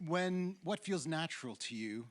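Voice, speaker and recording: A man's voice: a little high, lively intonation, moderate pace, a crowd in the background. A man from Canada in the audience, politely asking a question in a searching way.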